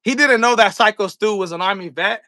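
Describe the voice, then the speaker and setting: High, bright-voiced man ranting casually. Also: a little fast, no room sound. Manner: slangy, profane, talks straight to viewers; acts out scenes with props while talking. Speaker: vlogger. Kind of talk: casual commentary rant.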